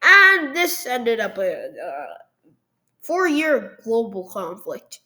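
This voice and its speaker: A woman's voice: on the high side, huge pitch swings, slow pace, pushed and bright, poor audio. A woman narrating a history map video at her computer in a loose, jokey way, full of ums and "they were like". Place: at a computer, recording over a screen.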